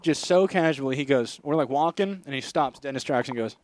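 A man co-hosting a comedy podcast, telling a profane, animated story in casual chat. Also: medium pitch, brisk, dry recording. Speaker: podcast co-host. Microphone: studio microphone.

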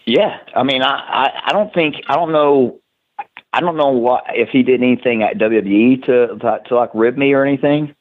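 A man's voice: medium pitch, normal speed. A man with a Southern US accent, telling rambling stories as a guest in a casual interview, laughing often. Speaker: wrestler guest. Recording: tinny phone-like line.

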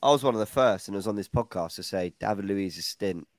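A man's voice: fairly low pitch, fast talker, a loud crowd. A man hosting a fan podcast in a chatty, teasing way, quizzing his panel. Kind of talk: casual chat.

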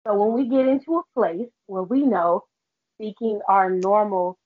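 A woman's voice: mid-range voice, normal speed, narrow, tinny audio. A woman from the United States co-hosting a podcast, explaining things in an emphatic, profane way. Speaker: podcast co-host. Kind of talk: casual chat.

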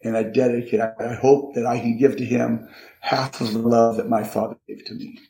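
An older man as an interview guest, speaking in a halting, reflective way and often repeating words. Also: mid-range voice, little pitch movement, creaky, dark tone. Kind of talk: conversational interview. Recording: roomy echo.

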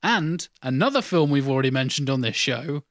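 A man's voice: medium pitch, expressive, brisk, dry recording, clean studio sound. A man co-hosting a podcast in casual chat, swearing freely and laughing often. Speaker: podcast co-host.

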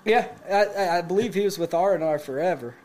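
A man in his late twenties telling a profane story to friends, animated and laughing as he goes. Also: high-pitched, fairly quick. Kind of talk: casual storytelling among friends.

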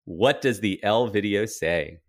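A man's voice: lowish voice, normal speed. A man from the United States hosting a podcast, chatty and playful with his guest. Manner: playful, chatty, laughs easily. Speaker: podcast host. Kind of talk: casual podcast interview.

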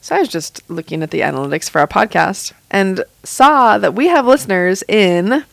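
A woman's voice: medium pitch, animated, normal speed, vocal fry, no echo. A woman in her thirties from the United States co-hosting a podcast, talking casually in an upbeat, encouraging way. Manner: upbeat and encouraging, frequent listening noises. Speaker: podcast co-host. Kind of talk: casual chat.

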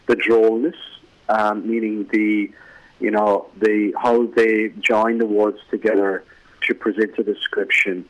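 A man's voice: on the low side, little pitch movement, a little slow, muffled recording. A man with an Irish accent, a guest in a casual radio interview, rambling with many fillers and restarts. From Ireland.

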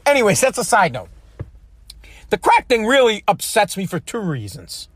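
High-pitched, profane man ranting. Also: huge pitch swings, moderate pace, fairly bright tone, dry recording, clean studio sound. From United States. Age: adult. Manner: profane, blunt, heated. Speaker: speaker telling a personal story. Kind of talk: ranting monologue.

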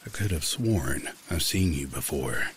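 A man voicing a menacing stranger with a low, scratchy voice, speaking slowly and quietly. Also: animated.

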